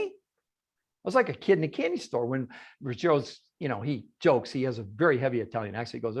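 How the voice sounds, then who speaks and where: On a group video call, a male guest speaker presents with great animation at a moderate pace, his mid-range voice sounding dull in the audio. He's emphatic, raising rhetorical questions only to answer them.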